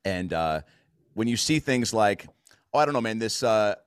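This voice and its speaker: An American man in his thirties, rambling in a profane, animated way through a casual podcast chat. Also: on the low side, moderate pace, smooth, no room sound, studio quality. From United States.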